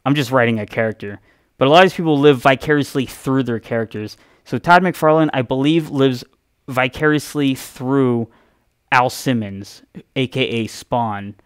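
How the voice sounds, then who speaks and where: A male streamer rambles through a story, swearing and breaking off his own sentences as he goes. His voice sits at a middle pitch. The sound is dry, with no room echo. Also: moderate pace, clear, resonant tone. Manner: rambling, profane, self-interrupting. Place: home streaming setup.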